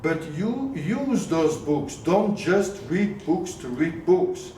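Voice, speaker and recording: Lively male business coach, higher voice, questions the room a lot, echoey room, heard from afar. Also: slow pace, recorded from a distance, slight background noise. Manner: lively, questioning the audience often; mixes in words of another language. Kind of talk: live coaching talk to a group.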